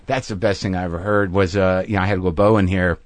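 A man's voice: low-pitched, steady tone, fast, no echo. Reflective man musing in casual talk. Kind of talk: casual conversation.

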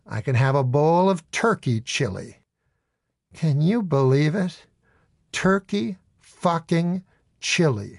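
Male audiobook narrator reading his memoir; deadpan, wry delivery, dry close studio sound. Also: fairly high pitch, no room sound.

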